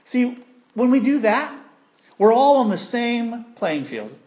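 Lively high-voiced preacher telling a story. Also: male voice, takes it slowly. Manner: animated storytelling with acted-out voices and sound effects. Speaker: pastor. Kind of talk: sermon.

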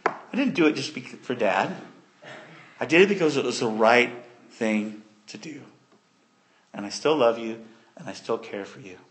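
A man voicing a powerful biblical man who gently reassures his brothers in a sermon retelling. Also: high voice, moderate pace, lightly acted. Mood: reassuring. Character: forgiving powerful man, calm and kind.

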